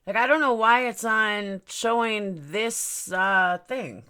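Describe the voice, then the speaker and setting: A woman's voice: mid-range voice, slow pace, pushed and bright, smooth. A woman hosting a casual livestream, rambling about her stream settings and greeting viewers by name. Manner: puzzled, fiddling with stream settings. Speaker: livestream host.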